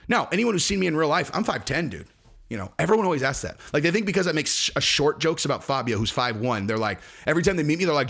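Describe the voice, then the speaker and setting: Lively, sarcastic man riffing on fight news. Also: fairly high pitch, fast, vocal fry. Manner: sarcastic, mocking, slips into impressions. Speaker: combat sports commentary YouTuber. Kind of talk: comedic commentary.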